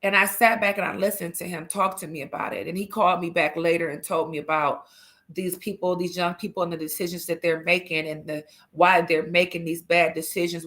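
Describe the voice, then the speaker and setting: A woman's voice: on the low side, a bit bright. A middle-aged woman hosting a livestream, telling a personal story in an earnest, emphatic and frank way. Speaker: livestream host.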